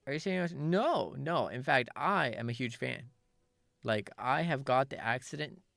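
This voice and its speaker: A woman's voice: extremely low pitch, lively intonation, normal speed, gravelly, a bit bright, dry recording, clean studio sound. A woman streamer in casual, rambling chat while gaming, laughing at herself often.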